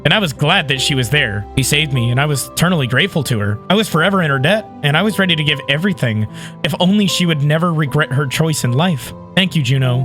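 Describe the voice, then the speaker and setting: Man, gamer, visual novel read-aloud, excitable, bright, very animated. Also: a little high, quick pace, faint music behind. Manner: excitable, shrieks and yells reactions.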